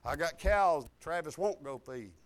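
An older man preaching a sermon, folksy and exuberant, breaking into loud outbursts. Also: a little high, expressive, measured pace. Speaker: pastor.

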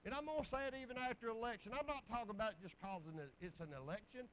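Preacher guy, real high voice, folksy and fired up, bit of hiss behind him. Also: fast, a bit bright, poor audio. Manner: folksy storytelling with bursts of exclamation. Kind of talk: sermon testimony.

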